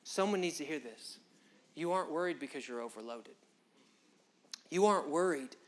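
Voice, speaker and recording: A preacher delivers a sermon at a church service in an impassioned, conversational way. The phrasing is folksy and direct, and the preacher speaks straight to the listeners. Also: mid-range voice. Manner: impassioned, direct address to the congregation.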